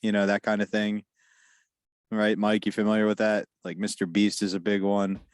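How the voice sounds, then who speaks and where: A man co-hosting a crude comedy podcast, setting up bits in a deadpan way. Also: fairly low pitch, moderate pace, smooth, dry recording, clean studio sound. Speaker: podcast co-host.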